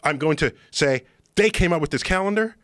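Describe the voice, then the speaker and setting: A man explaining something to a podcast host in an emphatic, excitable lecturing manner. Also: fairly high pitch, brisk, dry recording, clean studio sound. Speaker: podcast guest. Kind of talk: animated explanation in conversation. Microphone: studio podcast microphone.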